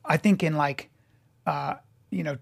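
High-voiced animated male storyteller. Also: gravelly. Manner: animated storytelling, quick restarts, swearing. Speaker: podcast host, stand-up comedian. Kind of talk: casual chat.

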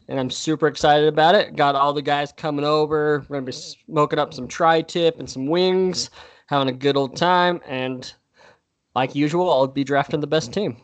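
A man co-hosting a football podcast, talking in a laid-back, blunt way and swearing casually. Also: a little high. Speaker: podcast co-host. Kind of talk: casual chat about football.

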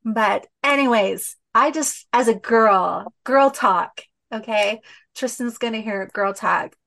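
A woman's voice: fairly high pitch, takes it slowly, gravelly, fairly bright tone. A woman hosting a podcast, chatting casually and rambling with many fillers and restarts. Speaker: podcast host. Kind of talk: casual heartfelt chat.

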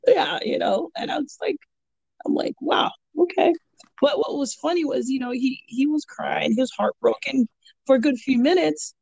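A woman with a higher voice and a gravelly, fry-heavy edge chats on a podcast. She coaches jiu-jitsu and tells her stories in an animated, rambling way. She fills her talk with "you know" and restarts her sentences. The sound is close and dry. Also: moderate pace, dry recording, lo-fi sound. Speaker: jiu-jitsu purple belt and kids' coach. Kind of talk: casual podcast chat, storytelling.

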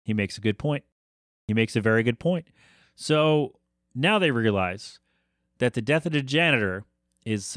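A man's voice: mid-range voice, a bit bright, dry recording, studio quality. A man hosting a podcast, recapping a TV episode in a casual, rambling way with jokey asides and self-corrections. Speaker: podcast host.

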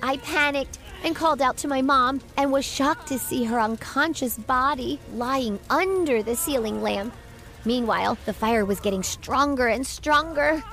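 High-voiced woman narrating a story. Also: a bit bright. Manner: dramatic, emotive reading. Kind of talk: first-person story narration.

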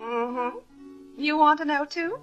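A woman's voice: high voice, slow, muffled recording. An actress playing a flirtatious, teasing society woman in a 1950s radio drama, drawling and playful. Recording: old radio broadcast with faint music.

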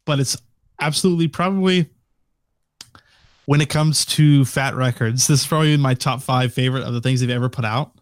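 A man's voice: medium pitch, brisk, no room sound, clean studio sound. A young man co-hosting a podcast in casual chat, rambling with many fillers and restarts. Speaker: podcast co-host.

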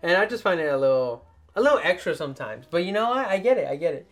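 A young man hosting a casual podcast, telling stories in an animated way and jumping into loud mock voices. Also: on the high side, quick pace. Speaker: podcast host.

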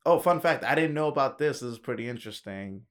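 A man's voice: medium pitch, animated, fast, a bit bright. A man hosting a casual podcast conversation. He talks in a laid-back, easygoing way and jokes often, with a voice in the middle of the usual range. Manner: laid-back, laughs easily, jokey. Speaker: podcast host. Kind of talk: casual chat.

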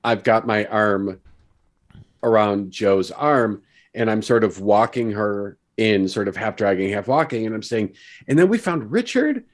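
A man's voice: fairly low pitch, fairly even intonation, unhurried. A man playing a tabletop role-playing game, describing his character's actions. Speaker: player.

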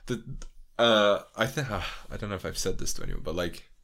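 A man's voice: fairly low pitch, brisk, a bit bright. A young man in a casual interview, rambling, laughing often and swearing freely. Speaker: YouTuber guest.

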